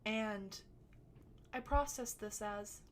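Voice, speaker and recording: A woman telling a personal story to camera in a chatty, animated way, with sudden loud bursts and some swearing. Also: medium pitch, slow pace, a little hiss or hum. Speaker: storytelling vlogger. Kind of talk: casual storytime.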